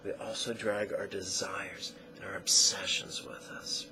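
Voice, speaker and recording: A man teaching a guided meditation lesson in slow, deliberate phrases that trail off into soft near-whispers. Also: low voice, flat delivery, background noise.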